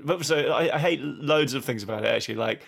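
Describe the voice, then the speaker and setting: A man co-hosting a podcast, chatting casually and haltingly with lots of restarts. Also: medium pitch, gravelly, a bit bright. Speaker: podcast co-host. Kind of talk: casual comic chat.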